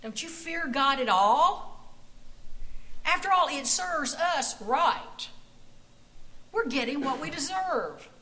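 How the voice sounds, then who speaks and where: A woman's voice: sits high, animated, slow, pauses often, sharp tone, a little hiss or hum, voice pushed up, heavily acted, low-quality recording. A woman voicing a dying male criminal, desperate and repentant, who speaks in breathless, pleading outbursts during a sermon in a church. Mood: defiant, pleading. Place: church sanctuary.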